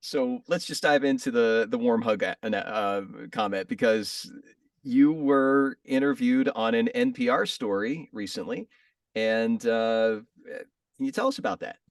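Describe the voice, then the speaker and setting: A man's voice: mid-range voice, lively intonation, a little slow, no room sound, clean studio sound, far from the mic. A man hosting an interview, asking rambling, self-correcting questions and laughing often. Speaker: podcast interviewer.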